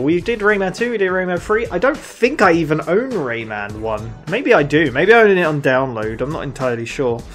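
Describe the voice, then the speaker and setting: A gaming channel host giving let's play commentary, excitable, laughing often and talking to themselves. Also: mid-range voice. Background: game music.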